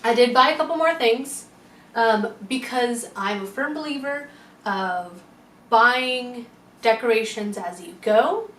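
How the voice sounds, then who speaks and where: A woman's voice: fairly high pitch, takes it slowly, fairly bright tone, far from the mic. A woman chatting casually to camera as a lifestyle vlogger, rambling with playful asides. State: out of breath. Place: room at home. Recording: echoey room from afar with faint music.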